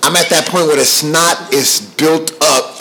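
A man's voice: fairly high pitch, fairly even intonation, unhurried, vocal fry, sharp tone, low-quality recording. A man in his thirties hosting a podcast, telling a story in a casual, slangy way and repeating himself for emphasis. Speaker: podcast host. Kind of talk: casual chat.

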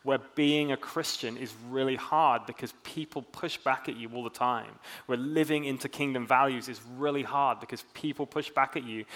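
A man's voice: mid-range voice, a bit bright. A man preaching a sermon in a casual, chatty way, with self-mocking humor. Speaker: pastor.

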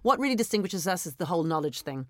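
A woman headteacher, talking in an interview in an emphatic, animated way and often adding "I mean" and "right?". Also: fairly low pitch, fast, no echo, studio quality. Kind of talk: interview conversation.

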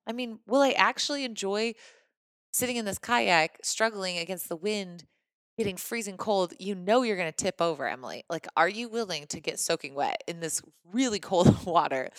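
Chatty, animated woman from Missouri, dry sound. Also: medium pitch, normal speed, no echo. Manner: animated, chatty, frequent "like" fillers. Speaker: podcast host. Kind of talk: casual storytelling monologue.

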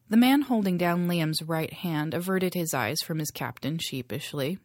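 A woman narrating a novel chapter in a steady storytelling voice. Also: low voice, moderate pace, hardly any pauses, no room sound, clean studio sound. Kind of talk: audiobook reading.

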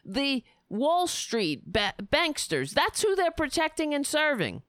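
A woman delivering angry, sarcastic political commentary, ranting heatedly with profanity and sudden loud bursts. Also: sits high, big pitch swings, slow pace, no room sound, studio quality.

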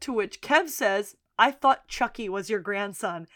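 A woman's voice: medium pitch, a little slow, fairly bright tone. A woman co-hosting a podcast, casually retelling a TV episode's plot and quoting its characters, with frequent laughs. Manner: narrates plot, quotes characters, laughs often. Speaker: podcast co-host. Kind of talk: casual recap chat.

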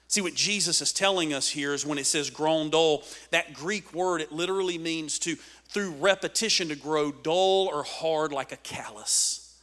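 A man preaching a sermon with dynamic swings between loud emphatic lines and hushed asides. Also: a little high, normal speed. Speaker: pastor.

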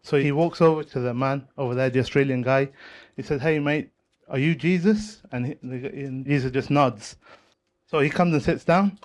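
A man's voice: medium pitch, brisk. A man telling a joke in casual chat, rambling and correcting himself as he goes. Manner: rambling, self-correcting storyteller.

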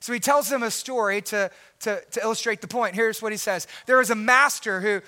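A little fast, this pastor's earnest preaching climbs from quiet, low lines to shouted emphasis. Repeated words run throughout.

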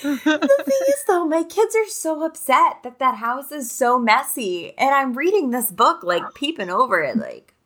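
Candid, laughing mom chatting casually. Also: female voice, high voice, wildly swooping pitch, measured pace, a bit bright. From upstate New York. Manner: candid, profane and laughing often. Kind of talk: casual chat.

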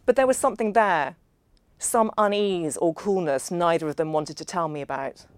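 A woman reads a first-person novel in a measured, understated way. Her voice sits on the low side, and the recording is dry and close. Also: clean tone, no room sound. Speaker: audiobook narrator.

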